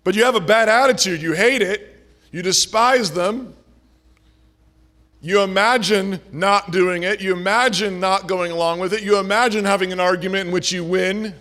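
A man preaching a sermon with earnest, repetitive phrasing, swinging between forceful and hushed. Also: high-pitched, normal speed.

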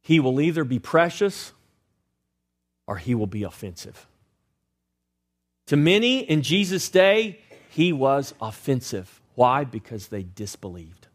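A man's voice: medium pitch, sing-song. A male preacher delivering a direct, exhorting sermon to his church. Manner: direct, exhorting, rises louder and quicker when pressing a point.

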